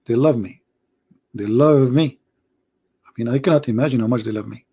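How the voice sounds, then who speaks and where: A man with a hoarse voice who debates religion in a sarcastic, mocking way in an online commentary video. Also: medium pitch, normal speed, mellow.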